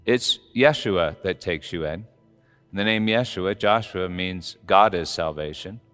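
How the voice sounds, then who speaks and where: Male pastor, deep smooth voice, explains scripture casually; reverberant church hall, soft music. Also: measured pace. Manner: conversational, explaining. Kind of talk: sermon before communion.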